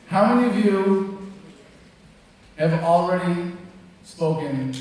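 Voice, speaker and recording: High-voiced guy ranting at a rally, blunt and mocking, big echo, mic way off. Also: a little hiss or hum. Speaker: activist speaker at a rally. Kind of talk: fiery speech to a live crowd. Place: large event space with crowd. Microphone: distant mic, recorded from far off. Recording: echoey hall, far from the mic.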